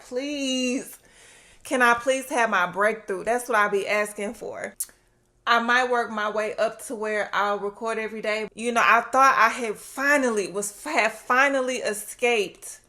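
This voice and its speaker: A woman with a Southern US accent and a high, sharp voice speaks candidly and from the heart to her vlog audience. She's at home indoors, talking casually to camera through her laptop's built-in mic.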